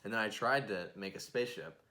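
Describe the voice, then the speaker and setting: A young man with a low, deep voice rambles through casual podcast chat. He jokes often and slips into little put-on voices for the people in his stories. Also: a little fast, sharp tone. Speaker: podcast co-host.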